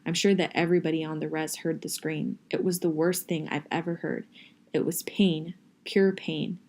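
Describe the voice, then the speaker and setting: A woman reading a novel aloud in a steady, first-person audiobook style. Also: deep voice, moderate pace. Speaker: reader.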